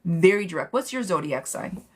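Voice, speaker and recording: A woman's voice: lowish voice, animated, normal speed, slightly rough. A woman giving a live-streamed tarot reading, blunt and direct, talking casually with some swearing and calling the viewer "girl". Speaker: tarot reader.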